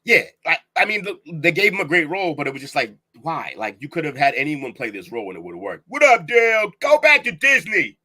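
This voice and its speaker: A man co-hosting a casual podcast who talks in an opinionated, animated way, with laughing asides. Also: medium pitch, quick pace, few pauses, breathy edge. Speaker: podcast co-host.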